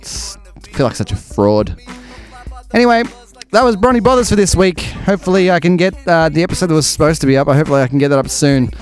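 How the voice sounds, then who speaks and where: A man's voice: a little high, animated, fast. Aussie guy wrapping up his podcast, jokey and rambly, lots of ums, faint music behind. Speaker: podcast host. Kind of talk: casual podcast outro. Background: faint music, stopping near the end.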